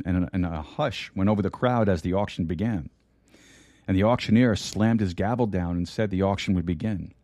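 Deep, warm-toned male preacher. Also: no room sound, studio quality. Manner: storytelling, slowing for emphasis. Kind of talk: sermon.

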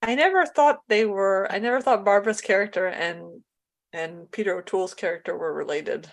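Woman on a movie podcast, dry and matter-of-fact, mid-pitch voice. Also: normal speed. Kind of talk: casual film-discussion podcast chat.

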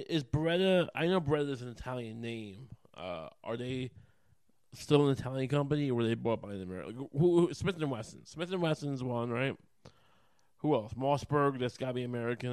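A man delivers a rambling solo rant as a podcast host, swearing freely and turning heated. His voice sits at an ordinary middle pitch. It is recorded close and dry, with no room sound. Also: darkish tone, no echo.

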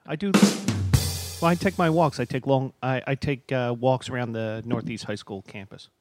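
A man's voice: mid-range voice, moderate pace, over music. A man chatting as a regular on a radio talk show, laid-back and self-deprecating. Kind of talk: casual radio banter.

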